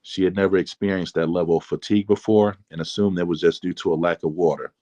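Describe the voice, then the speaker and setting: A man reads aloud from his own memoir in a calm, measured way. His voice is very deep. The recording is dry and close, with no room sound. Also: no echo, dull audio. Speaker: author reading his book. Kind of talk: memoir reading.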